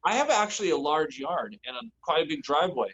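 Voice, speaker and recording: A man co-hosting a casual podcast from home, telling animated, exasperated stories while yard work goes on outside. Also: a little high, fast, highs cut off. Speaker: podcast co-host. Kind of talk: casual chat. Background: lawn mowing and sprinkler work.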